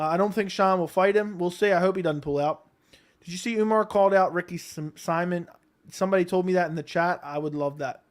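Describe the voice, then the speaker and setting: A young man from Baltimore hosting a live stream, answering chat questions in a relaxed, rambling way. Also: a little high. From Baltimore, Maryland. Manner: relaxed, rambling, thinks aloud with many ums. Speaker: livestream host reading chat.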